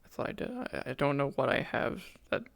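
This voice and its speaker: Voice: mid-range voice, big pitch swings, brisk, vocal fry, dry recording. A streamer chatting casually and hesitantly between roleplay scenes. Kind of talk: casual out-of-character chat.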